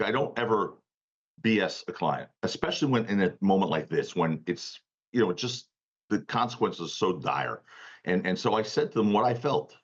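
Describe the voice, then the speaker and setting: A man's voice: sits low, husky, highs cut off. A male defense attorney, a guest on a talk show, telling a story emphatically and laughing now and then, over a remote call. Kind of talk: animated storytelling interview.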